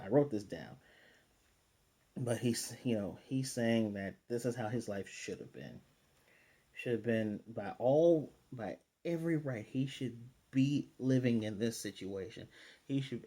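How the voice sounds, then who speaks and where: With a medium-pitched, dark voice, a man loosely retells scenes from an anime episode in a casual recap and review. His delivery is filler-heavy, full of restarts and roughly paraphrased character lines.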